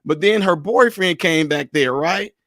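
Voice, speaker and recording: Male host, high-pitched and dry, loose laughing storyteller for a casual chat. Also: a little slow, a bit bright, no room sound.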